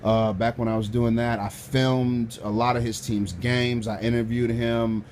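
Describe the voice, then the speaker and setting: Man, loud, profane, animated storytelling, mid-pitched voice, faint hiss behind. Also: unhurried. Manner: profane, acts out the people in his story, swings from quiet to shouting. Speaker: storyteller recounting a personal run-in.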